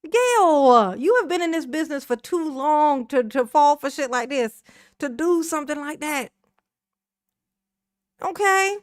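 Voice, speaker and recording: Woman, high-pitched, sassy commentary, dry close sound. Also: lively intonation, unhurried, no echo. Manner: sassy, profane, laughs often. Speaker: reaction channel host. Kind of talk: casual commentary on a clip.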